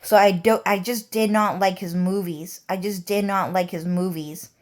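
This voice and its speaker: A woman's voice: mid-range voice, fairly even intonation, moderate pace, darkish tone. A woman vlogger talking in a rambling, heated monologue, swearing often.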